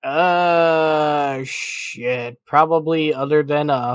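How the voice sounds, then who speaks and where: A man's voice: on the high side, extremely slow, smooth, no room sound. A man co-hosting a podcast in casual chat, hesitant with lots of fillers and swearing. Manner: profane, hesitant, with many fillers. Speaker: podcast co-host.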